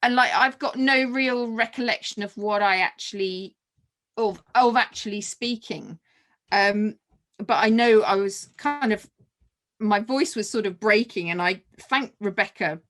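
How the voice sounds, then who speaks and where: Female guest, mid-range voice; lively anecdotal storyteller with frequent laughs and restarts. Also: medium pitch, measured pace. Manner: animated, laughs often, many restarts and fillers. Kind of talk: personal storytelling in a conversation.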